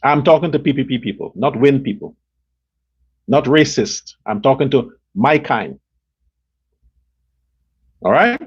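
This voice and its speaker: A man's voice: medium pitch, lively intonation, a little slow, long pauses, slightly rough. A man with a Guyanese accent ranting bluntly and profanely about politics as a show host, hammering his points over and over. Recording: dull lo-fi sound.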